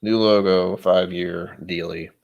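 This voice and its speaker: A man's voice: sits low, steady tone, slow pace, creaky, darkish tone, highs cut off. A man hosting a livestream, chatting casually over drinks, rambling, joking and poking fun at himself. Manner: rambling, joking and self-deprecating. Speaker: livestream host.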